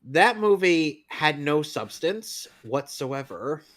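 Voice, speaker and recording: A man's voice: a little high, big pitch swings, takes it slowly, fairly bright tone. A man co-hosting a casual movie chat, blunt and opinionated, swearing casually. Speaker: podcast co-host.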